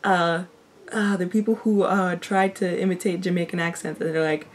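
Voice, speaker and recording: A woman's voice: fairly low pitch, fairly even intonation, normal speed, slight background noise. Chatty young woman reacting to a show. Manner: chatty, rambling, laughs often. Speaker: reaction video host. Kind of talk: casual reaction commentary.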